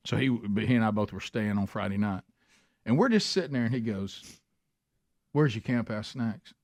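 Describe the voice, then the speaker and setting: A man, hosting a radio talk show and telling stories with lively quoted dialogue. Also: fairly low pitch, fairly quick, creaky, no echo. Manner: animated storyteller, acts out quotes. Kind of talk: casual radio banter and storytelling.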